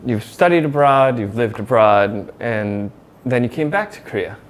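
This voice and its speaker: A man's voice: mid-range voice, expressive, normal speed, a little hiss or hum. A man hosting a casual interview, encouraging his guest with frequent murmurs of agreement and easy laughter. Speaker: interview host.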